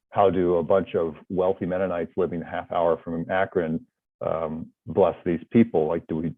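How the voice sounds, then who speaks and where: A deep-voiced North American man appears as a podcast guest in a casual interview, speaking hesitantly with lots of fillers and restarts. There's no echo, though the line sounds tinny, like a phone.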